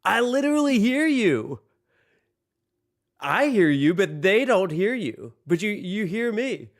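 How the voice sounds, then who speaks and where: A man's voice: high-pitched, very animated, takes it slowly. A man hosting a casual livestream from home, joking, laughing often and chatting directly to his viewers. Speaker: livestream host.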